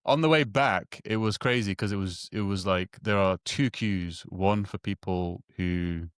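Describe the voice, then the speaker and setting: A man's voice: low-pitched, smooth, no room sound, clean studio sound. A man telling a long personal story in casual conversation, stumbling over restarts and repeated words and acting out the dialogue. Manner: halting, many restarts and repeated words, acts out quoted dialogue.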